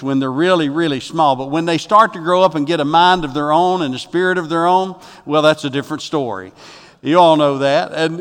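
Folksy preacher in a reverberant church. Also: male voice, on the high side, clear, resonant tone. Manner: folksy storytelling with jokes, rising loud for punchlines. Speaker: pastor. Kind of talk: sermon. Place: church sanctuary. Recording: long reverb of a church hall.

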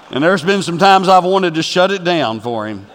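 A man preaching a sermon as a pastor, animated and swinging from loud to hushed. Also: high-pitched, in a large hall.

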